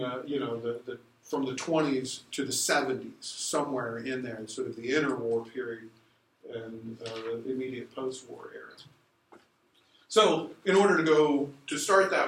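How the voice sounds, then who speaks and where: A man's voice: medium pitch, a bit bright, slight background noise. A middle-aged man giving a casual university lecture, digressive and full of fillers and restarts. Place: lecture room. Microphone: recorded from a distance in the room. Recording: roomy echo from a distant mic.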